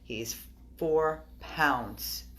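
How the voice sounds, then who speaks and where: A woman's voice: sits low, drawn-out words, heavy background noise. A tearful, upset woman giving an emotional video update to her viewers from an animal hospital exam room, pleading and repeating herself. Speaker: dog rescuer.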